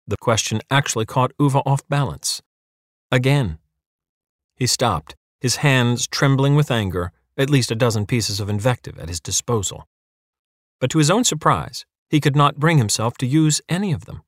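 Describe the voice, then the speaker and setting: A man's voice: on the low side, lively intonation, normal speed, no echo. Man narrating an audiobook in a dry booth. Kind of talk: scripted narration.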